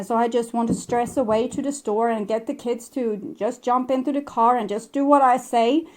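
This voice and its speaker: A woman with as a giving a casual spoken tarot reading, gentle and reflective, with soft laughs and hesitations. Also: a little high. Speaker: tarot reader.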